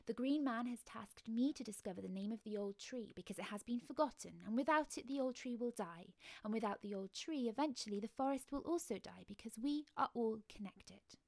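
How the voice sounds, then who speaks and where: A woman voicing a small, timid but brave male mouse in a spoken storybook, earnest and a touch higher. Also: animated, fairly quick, vocal fry, hardly any pauses, dry recording. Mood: proud.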